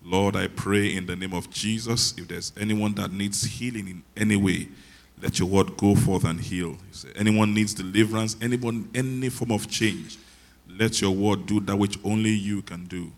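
A man preaching a sermon, soft-spoken and conversational, with self-deprecating humor. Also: lowish voice, steady tone, moderate pace. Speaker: pastor.

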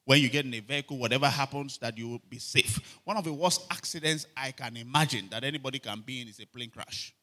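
A man preaching a sermon, telling animated stories and calling for amens. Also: mid-range voice, fast talker, few pauses. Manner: animated storytelling, shouting quoted cries, frequent calls for amen. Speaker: pastor.

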